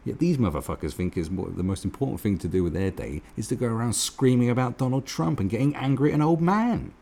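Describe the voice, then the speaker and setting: A man's voice: medium pitch, expressive, fast talker, gravelly, warm tone. A man giving a profane, mocking commentary rant as host of his own channel. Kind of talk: ranting commentary.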